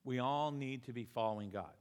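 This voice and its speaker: Smooth and a bit quick, the mid-range voice belongs to a pastor preaching a sermon in a church sanctuary. Long hall reverb fills the recording. He tells stories with animation and plays the parts of the people in each anecdote.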